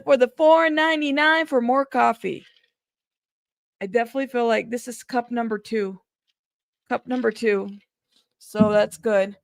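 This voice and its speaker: A woman's voice: a little high, no echo, clean studio sound. A woman hosting a casual news livestream, chatty and greeting her viewers one by one by name.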